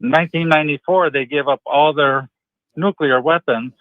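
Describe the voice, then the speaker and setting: A man's voice: on the high side, fairly even intonation, dry recording. Hesitant male caller on a dull line. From West Virginia. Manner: hesitant, many "uh" pauses. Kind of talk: call-in radio chat. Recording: dull phone-line sound.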